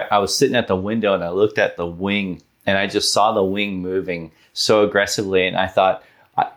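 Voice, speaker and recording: A man in his thirties, a podcast guest telling a personal story in an earnest, animated way, with many fillers like "like". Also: sits low. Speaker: guest, business owner.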